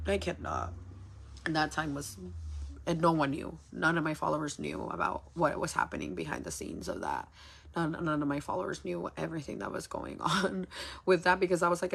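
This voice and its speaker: A woman from the United States talks on a casual livestream about running her small business. Her voice sits low and has a husky, gravelly edge. She speaks frankly, swears freely, and hammers her points home by repeating phrases. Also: animated, normal speed.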